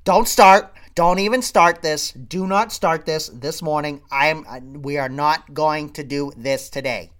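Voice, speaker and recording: A man's voice: a little high, a little slow, few pauses, fairly bright tone. A man putting on his irritable wife, curt and snapping, in a comic rant. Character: cold, irritable angry wife.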